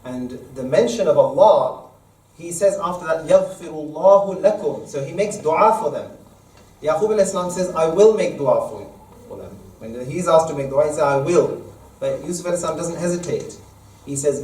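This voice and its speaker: A man, an imam, leading a Quran study lesson, explaining verses at length and reciting Arabic quickly, recorded in an echoey mosque hall from a distance. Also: fairly high pitch, expressive, darkish tone. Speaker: imam teaching a study circle. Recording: echoey room, mic far off.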